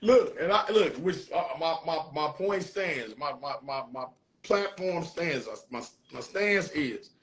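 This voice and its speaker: A man with a St. Louis accent, making his case in a casual debate, deliberate and stumbling at the start. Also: a little high, animated, a bit bright. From St. Louis, USA. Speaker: rapper in a debate.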